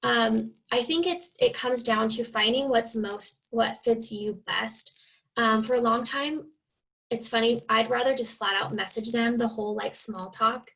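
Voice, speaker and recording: Chatty young woman with a gravelly edge. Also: on the high side, a little slow, a bit bright, rough recording. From Oregon, USA. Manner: chatty, filler-heavy, acts out quoted people. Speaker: guest speaker, fitness coach. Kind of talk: casual team call talk.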